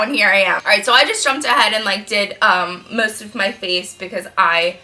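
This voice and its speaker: A woman in her twenties, a freelance makeup artist, telling a client story in a chatty, profane, animated way while doing her makeup. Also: mid-range voice, a little fast, hardly any pauses.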